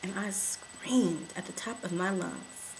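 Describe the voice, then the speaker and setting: A woman giving an emotional testimony to camera, repeating affirmations and rising to shouts. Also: lowish voice, takes it slowly, a little hiss or hum, low-quality recording.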